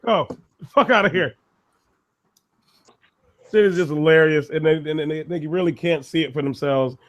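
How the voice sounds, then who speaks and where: A man with a notably high voice rants in blunt, profane bursts. He is co-hosting a loose, casual discussion. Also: moderate pace. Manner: blunt, ranting, heavy swearing. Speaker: podcast co-host.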